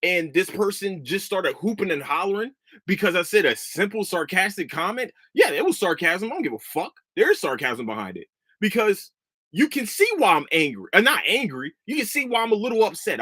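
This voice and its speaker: A man's voice: high-pitched, very animated, brisk, pushed and bright, breathy edge, no room sound, studio quality. A man in his thirties hosting a podcast, telling a story as a profane, heated rant. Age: 30s. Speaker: podcast host. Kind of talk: casual chat.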